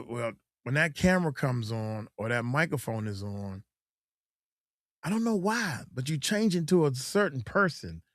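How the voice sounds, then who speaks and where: A man's voice: mid-range voice, very animated, a little slow, a bit bright, dry recording, clean studio sound. A middle-aged man, chatting loosely as a coach and host, often acting out quotes in mocking voices. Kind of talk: casual livestream chat.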